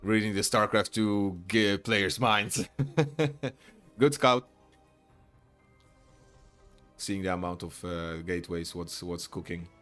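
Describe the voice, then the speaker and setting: Guy casting a strategy game live, kinda low voice, chatty and gets hyped fast, little bit of music behind. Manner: chatty, breaks into excited shouts and laughs. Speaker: esports caster. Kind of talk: live play-by-play game commentary.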